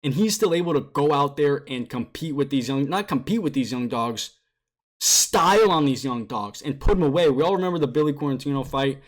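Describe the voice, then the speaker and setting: An animated young man talks through a fight card in a loose vlog style. He circles back on his own phrases and leans on slang. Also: medium pitch, brisk. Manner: animated, emotional, repeats phrases, uses slang like bro and dude. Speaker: MMA YouTuber recapping fights. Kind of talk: casual excited fight recap.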